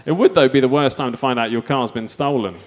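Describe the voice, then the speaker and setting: A man's voice: medium pitch, fast, noisy background. A man doing a stand-up set, delivering self-mocking absurd one-liners. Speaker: stand-up comedian.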